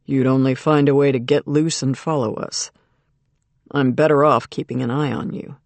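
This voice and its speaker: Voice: mid-range voice, fairly even intonation, moderate pace, no room sound, voice pushed down, lightly acted. Audiobook role: firm, watchful male ally, voiced by the narrator, dry studio sound. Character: protective, watchful adult man.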